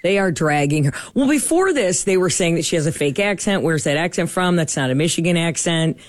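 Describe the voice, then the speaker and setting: Morning radio co-host, woman, chatty, lively delivery, dry studio sound. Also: lowish voice, no echo. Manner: chatty, quick asides. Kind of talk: casual morning radio banter.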